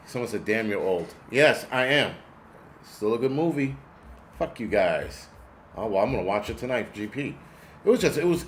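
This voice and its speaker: A man's voice: mid-range voice, slight background noise. A man in his forties hosting a casual livestream, ranting in a rambling, profane way and talking back to his chat. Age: 40s. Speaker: host.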